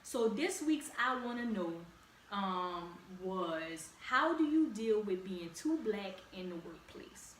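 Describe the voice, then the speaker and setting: A woman's voice: mid-range voice, expressive, takes it slowly, a bit bright. A young woman with a Louisiana accent, hosting a podcast in a direct, encouraging, casual way with slang. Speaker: podcast host. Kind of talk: casual solo podcast talk. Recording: echoey room, distant mic, faint ambient noise.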